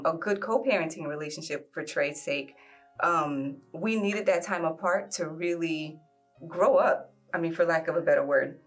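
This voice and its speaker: A woman in her forties telling a personal love story in a reflective way, often pausing with "um". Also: fairly low pitch. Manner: reflective, fills pauses with "um". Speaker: guest sharing a love story.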